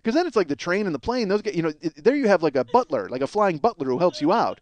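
A man's voice: high-pitched, very animated, fast talker. A man hosting his own podcast, delivering a profane, rambling comedic monologue that mocks himself as much as anyone. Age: middle-aged. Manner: profane, ranting, self-mocking. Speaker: podcast host.

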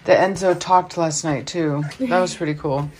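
A woman's voice: sits low, steady tone, moderate pace, a little mellow, a little hiss or hum. A tired woman hosting a dog channel, chatting casually in the early morning, often saying "um". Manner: chatty, with frequent "um" fillers. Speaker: dog breeder and channel host. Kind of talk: casual vlog chat.

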